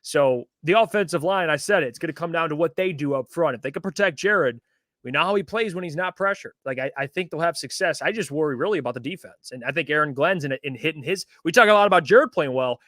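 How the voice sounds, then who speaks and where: A man's voice: on the high side, expressive, quick pace, a bit bright, no room sound. A young man co-hosting a sports livestream in loose, friendly chat, reading out viewer comments. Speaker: podcast co-host.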